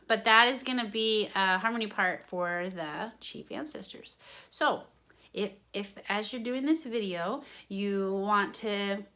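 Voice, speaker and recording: A woman's voice: medium pitch, sharp tone. A woman drama teacher giving an online singing lesson, explaining each point to her students and then singing examples.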